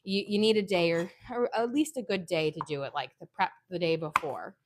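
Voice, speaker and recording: A woman's voice: on the low side, fairly quick, slight background noise. A woman in her home kitchen, chatting casually while she demonstrates a recipe step by step and drifts into family stories. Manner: chatty, instructional, sidetracked into anecdotes. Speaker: home cooking vlogger.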